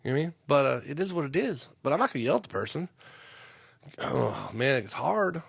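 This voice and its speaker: A man's voice: medium pitch, sing-song, a little fast, creaky, a bit bright, breathy edge, no room sound, studio quality. A man who works a union trade, hosting a podcast in a loose, rambling monologue full of swearing and fillers. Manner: profane, lots of fillers.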